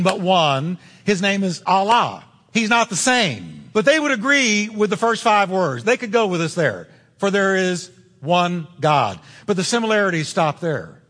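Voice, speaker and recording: Pastor, male, high tenor voice, emphatic sermon delivery, long echo of a church hall. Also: a bit bright. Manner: emphatic, insistent preaching with direct address.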